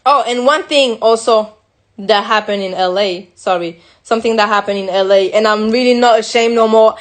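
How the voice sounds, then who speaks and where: French woman frankly recounting, slightly high. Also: normal speed. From France. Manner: emotional and frank, with frequent restarts and slips. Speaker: guest. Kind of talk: candid personal recounting.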